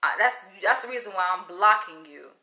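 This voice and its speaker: A woman vlogger telling a story to camera in a casual, blunt, animated way, swearing freely. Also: medium pitch, brisk. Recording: echoey room.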